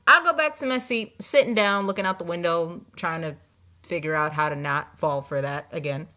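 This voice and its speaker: A young woman vlogger telling a casual, animated story about her day, quoting people and sounding exasperated. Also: lowish voice, moderate pace.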